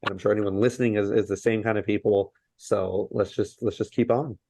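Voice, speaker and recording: A man's voice: on the low side, fairly even intonation, a little fast, warm tone, no echo. A man in his thirties, a podcast guest speaking earnestly with many fillers in casual conversation.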